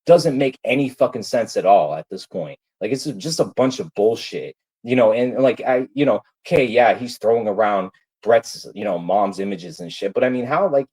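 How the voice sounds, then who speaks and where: Husky man ranting, lots of "like". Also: lowish voice, animated, normal speed, hardly any pauses, darkish tone, poor audio. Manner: ranting, heavy filler "like", swearing. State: stressed, subdued. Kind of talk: casual livestream rant.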